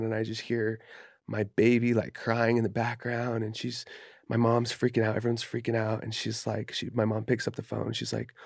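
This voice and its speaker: Speaking at a moderate pace in a low, gravelly voice heavy with vocal fry, a man from Utah, USA, shares a story from his own life as a podcast guest. His casual storytelling is blunt and profane, peppered with fillers like "dude" and "you know." Captured on a podcast studio mic, the sound is close and dry with no room echo.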